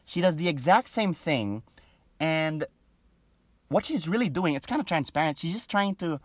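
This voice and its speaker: Animated chatty man with a lively voice. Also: on the high side, normal speed, no room sound. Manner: animated, chatty, with frequent fillers; breaks into laughter often. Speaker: show reviewer. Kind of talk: casual opinion vlog.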